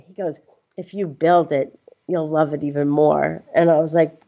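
A woman guest telling a personal story in a casual, animated way, often laughing and acting out what others said. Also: low-pitched, normal speed. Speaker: interview guest. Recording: slightly dull lo-fi sound.

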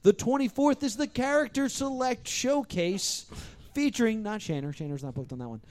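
High, lively-voiced man hosting a podcast. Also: moderate pace. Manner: jokey, rambling, stumbles over names while reading plugs. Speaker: podcast host. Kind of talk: casual live podcast banter. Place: live comedy playhouse.

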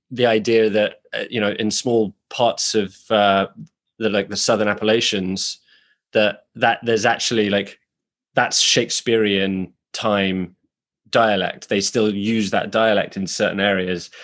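A British man, an actor, talking through ideas in a relaxed podcast chat, thoughtful and frank, circling back on himself as he goes. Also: fairly low pitch. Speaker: actor, guest. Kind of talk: casual podcast conversation. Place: New York.

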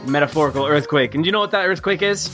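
A man hosting a casual gaming podcast, excitable, swearing and laughing often. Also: fairly high pitch, fast talker, over music. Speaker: podcast host.

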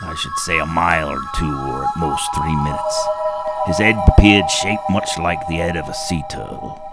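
A man putting on the voice of a crusty old sea captain, gruff with pirate-like growls, over loud background music. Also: sits low, fairly even intonation, normal speed. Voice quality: gravelly. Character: crusty old male sea captain reading his account. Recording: music bed playing loudly behind.

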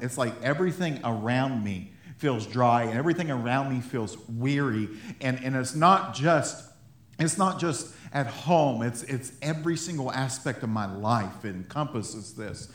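A man's voice: mid-range voice, moderate pace. A man preaching a sermon as pastor, talking to the congregation in a conversational way, repeating himself and chuckling as he goes. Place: church sanctuary. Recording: echoey church sanctuary.

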